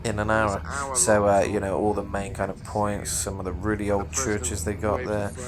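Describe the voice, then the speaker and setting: A man's voice: on the low side, monotone, moderate pace. A British man giving casual travel commentary outdoors from an open-top tour bus, rambling and swearing freely. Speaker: travel vlogger. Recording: busy street crowd behind.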